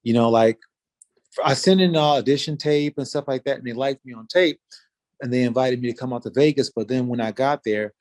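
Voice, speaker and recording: A man's voice: medium pitch, a little fast, a little mellow. A man in his forties, a former fighter, telling a story in casual interview talk, loose and rambling with many fillers and restarts.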